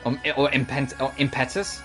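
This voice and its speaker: A woman's voice: a bass voice, fairly even intonation, normal speed. A woman streamer giving chatty, giggly commentary while playing a game. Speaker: let's play streamer. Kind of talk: casual gameplay commentary. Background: game music.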